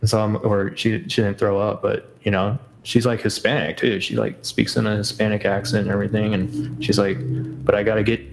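Creaky low-voiced man chatting loosely. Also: little pitch movement, fairly quick, hardly any pauses, a little hiss or hum, rough recording. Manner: rambling, full of fillers and self-corrections. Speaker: podcast guest, author. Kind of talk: casual chat.

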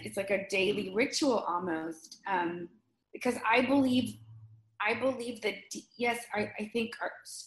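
A middle-aged woman speaks earnestly in a relaxed conversation, telling a personal story with real feeling. She restarts her sentences often as she searches for words. Her voice carries a noticeable roomy echo. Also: mid-range voice. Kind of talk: casual conversation.

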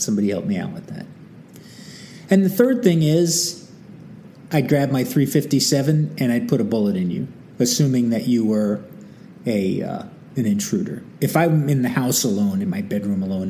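A man's voice: lowish voice, slight background noise. A man hosting a history talk, telling the story casually with wry asides and acted-out quotes. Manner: animated and wry, acting out quotes, many asides. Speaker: history channel host.

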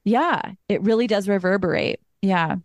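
A woman's voice: mid-range voice, moderate pace, no echo. Woman podcast host, casual and blunt, swears often; dry, close recording. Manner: candid, storytelling, swears freely.

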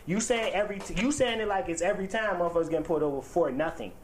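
A man's voice: high-pitched, rapid-fire, a little hiss or hum. A man hosting a heated casual debate, insistent and argumentative. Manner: insistent, argumentative, keeps claiming the floor.

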